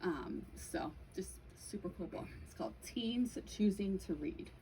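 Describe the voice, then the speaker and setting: A woman's voice: medium pitch, animated, measured pace, creaky, warm tone, slight background noise, low-quality recording. A young adult woman giving a casual presentation to an audience, chatty, with frequent "um" and "like". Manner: chatty, many fillers like "um" and "like". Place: bookstore event room.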